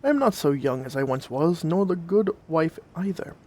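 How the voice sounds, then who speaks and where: A man's voice: fairly high pitch, lively intonation, moderate pace, a little mellow. A man voicing a poor, humble old bamboo cutter in a told story, with old-fashioned country speech. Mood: weary.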